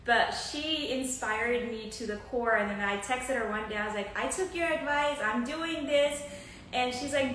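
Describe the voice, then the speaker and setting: A woman who owns a beauty salon, speaking softly and gratefully in casual conversation, picked up off-mic by a phone camera. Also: fairly high pitch, moderate pace, slight background noise. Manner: heartfelt, grateful, soft-spoken. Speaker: salon owner. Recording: distant voice in echoey room.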